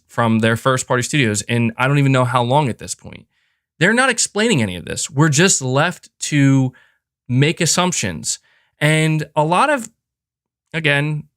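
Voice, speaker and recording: A man hosting a podcast who rants with passion and leans hard on key words. His voice sits at an ordinary middle pitch. The close mic gives a dry sound with no room echo. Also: fairly bright tone. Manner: emphatic, passionate ranting. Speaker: podcast host. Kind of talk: casual opinion commentary.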